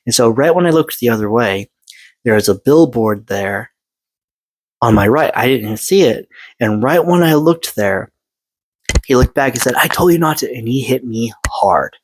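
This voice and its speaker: Halting, earnest man in his forties. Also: mid-range voice, animated, low-quality recording. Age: 40s. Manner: halting, with many fillers and restarts. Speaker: vlogger sharing personal story. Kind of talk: earnest personal monologue.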